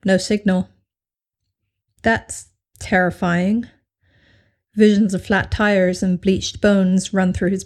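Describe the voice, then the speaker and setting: A woman reading a piece of fan fiction aloud as narrator, in an even storytelling manner. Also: medium pitch. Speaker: story reader.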